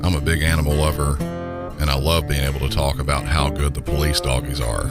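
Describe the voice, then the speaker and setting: Very deep Southern man over music. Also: flat delivery, a little fast. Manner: easygoing, folksy. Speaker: podcast host. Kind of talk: podcast sign-off.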